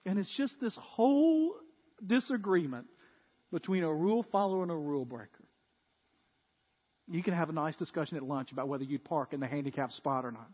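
A man preaching a sermon as pastor, telling stories and becoming animated as he retells a scene. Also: fairly high pitch, fairly quick, slightly rough. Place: church. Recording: dull, echoey church hall.

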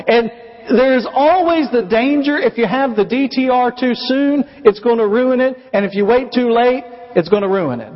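A man preaching a sermon as pastor, telling the story in an animated way and acting out voices. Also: very high-pitched, a little fast. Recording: muffled recording with long hall reverb.

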